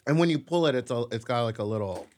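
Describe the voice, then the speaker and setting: A man's voice: mid-range voice, fast talker. A man co-hosting a podcast, chatting playfully while eating takeout food. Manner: animated, playful, talks with food. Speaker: podcast co-host. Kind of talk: casual chat while eating.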